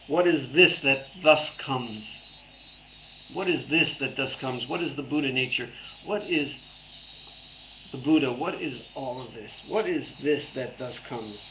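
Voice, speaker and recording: A man's voice: medium pitch, a bit bright, lo-fi sound, a little hiss or hum. A man giving a playful dharma talk as a Zen teacher, repeating phrases back and forth.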